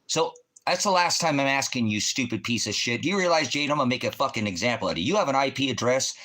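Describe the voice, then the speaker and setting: A man's voice: mid-range voice, expressive, quick pace, sharp tone. A man hosting a livestream, hurling profane, confrontational accusations at a viewer in the chat. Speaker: livestream host, veteran.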